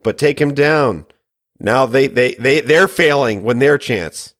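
A man co-hosting a fantasy football podcast, hoarse from illness, teasing his partner with mock formality. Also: mid-range voice, takes it slowly, a bit bright. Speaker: podcast co-host.

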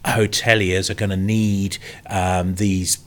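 A man from the UK on a podcast panel, giving opinionated analysis in a halting way with many restarts. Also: sits low, level tone. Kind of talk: casual panel discussion.

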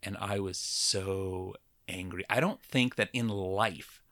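A middle-aged man with a lowish, bright, forward voice recounts a story in loose, casual chat. He wanders through fillers and self-corrections as he goes. The sound is dry and close, with no room around it. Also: takes it slowly, no echo. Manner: rambling storyteller with fillers and restarts. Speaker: podcast co-host.

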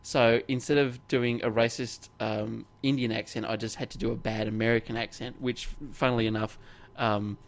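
A man's voice: medium pitch, little pitch movement, normal speed, few pauses. Rambling, chatty man with frequent restarts. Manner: rambling, self-interrupting, laughs often. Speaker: podcast co-host. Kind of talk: casual chat.

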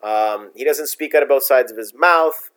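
A man's voice: medium pitch, normal speed, fairly bright tone. A middle-aged man co-hosting a casual political chat, opinionated and blunt, ranting in long runs. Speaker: podcast co-host.

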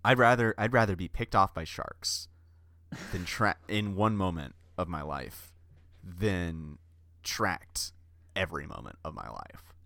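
A man's voice: deep voice, expressive, unhurried, gravelly, pushed and bright, no echo. A man co-hosting a comedy podcast, making grand, doom-laden pronouncements with mock seriousness. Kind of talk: deadpan comedy banter.

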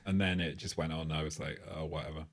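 A man co-hosting a podcast, dropping wry, quick asides in a casual chat about a film. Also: very deep voice, steady tone, gravelly. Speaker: podcast co-host.

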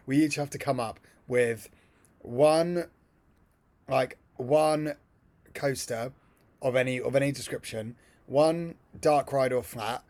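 A man co-hosting a casual podcast chat, eagerly pitching ideas. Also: darkish tone. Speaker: podcast co-host.

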